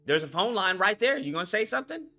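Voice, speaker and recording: Loud, animated profane male streamer. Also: high-pitched, fast, soft background music. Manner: profane, mocking, confrontational. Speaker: live-stream host. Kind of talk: heated live-stream rant.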